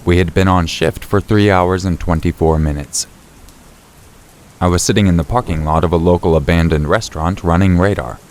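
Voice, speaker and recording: A man narrating a true scary story in the first person, in a steady, low-key storytelling voice. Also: normal speed, slight background noise. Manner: steady, low-key storytelling, rising sharply for shouted quotes. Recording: faint rain and thunder behind.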